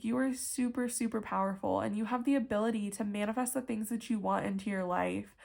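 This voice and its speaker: A woman's voice: on the high side, creaky. A young woman giving a casual pick-a-card tarot reading, chatty and emphatic, full of "like" and casual swearing.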